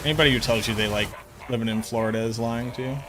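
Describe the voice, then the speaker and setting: Joking, profane game streamer. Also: male voice, mid-range voice, fairly even intonation, rapid-fire, background noise. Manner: joking, profane, riffs on chat comments. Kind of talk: casual live-stream chat with viewers.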